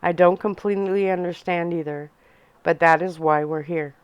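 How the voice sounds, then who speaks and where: A woman reading the part of a calm, protective vampire father in a soft ASMR storybook reading, speaking gently and evenly. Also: fairly low pitch, normal speed, clear, resonant tone, no echo, muffled recording, close to an everyday voice. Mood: calm, gentle.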